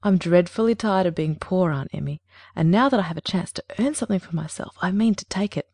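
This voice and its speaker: A woman's voice: on the low side, lively intonation, fairly quick, a little mellow, dry recording. A woman reading a story aloud, voicing a dramatic seventeen-year-old girl who talks dolefully and eagerly.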